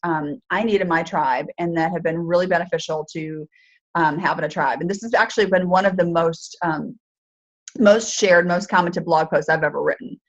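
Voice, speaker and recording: A woman co-hosting a casual sales show, talking in a relaxed, rambling way with many fillers. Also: lowish voice, normal speed, highs cut off. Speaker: co-host. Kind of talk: casual chat.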